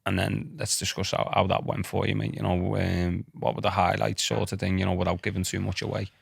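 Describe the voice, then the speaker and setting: A man hosting a podcast, low-key and encouraging, calling his guest "mate". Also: little pitch movement, a little fast, vocal fry, slightly rough, no room sound, clean studio sound. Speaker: podcast host, coach. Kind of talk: relaxed interview chat.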